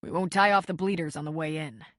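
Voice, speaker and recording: A male surgeon snaps out short, urgent orders in the middle of an operation, as a woman reader voices him. The voice sits somewhat low, with a bit more push than her narration. The recording is dry and close. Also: steady tone, fast talker, fairly bright tone, no room sound. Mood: urgent, commanding. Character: brisk commanding male surgeon.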